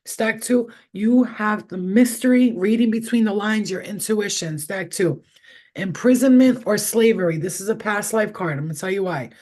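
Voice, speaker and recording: A woman's voice: mid-range voice, moderate pace, a little mellow. Middle-aged woman doing a candid tarot livestream. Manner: profane, candid, rambling storyteller. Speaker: tarot reader. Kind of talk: casual live tarot reading chat. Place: indoors, in her room.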